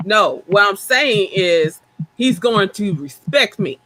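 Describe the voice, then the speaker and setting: A woman co-hosting a casual chat, telling stories in an animated way and acting out the dialogue. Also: mid-range voice, takes it slowly, slight background noise, rough recording.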